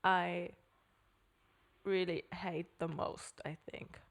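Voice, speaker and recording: A woman's voice: fairly low pitch, flat delivery, extremely slow. A young woman with German as her first language, co-hosting a casual podcast chat in English and often searching for words. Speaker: podcast co-host.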